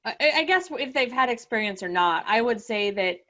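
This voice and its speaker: Halting woman, dull lo-fi sound. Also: fairly high pitch, expressive, pushed and bright. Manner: halting, many restarts and fillers, laughs nervously. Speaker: guest sharing her exam success story. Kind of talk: emotional podcast interview.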